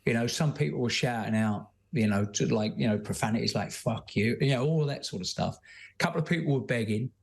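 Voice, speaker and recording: A man's voice: mid-range voice, fast, creaky. A man, a guest telling his story bluntly, with many fillers and restarts. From London, England. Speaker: guest, former soldier and author. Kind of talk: candid conversational storytelling.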